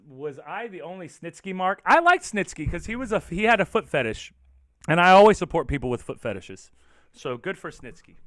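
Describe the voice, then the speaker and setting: A man hosting his own show, chatting casually and rambling with viewers, animated and profane as he reacts to their comments. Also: mid-range voice, no room sound, studio quality. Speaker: show host. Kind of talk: casual livestream chat with viewers.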